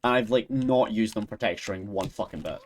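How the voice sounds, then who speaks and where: A man's voice: lowish voice, a little fast, slight background noise. Rambling sweary Scottish man. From Scotland. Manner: rambling, sweary, giggly, full of restarts. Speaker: live streamer. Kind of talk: casual chat with stream viewers.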